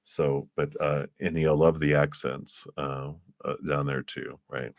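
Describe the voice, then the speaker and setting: A man's voice: extremely low pitch, little pitch movement, measured pace, gravelly, dry recording, studio quality. A man giving a live tarot reading, speaking in an encouraging, rambling way, often chuckling and restarting his sentences. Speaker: tarot reader.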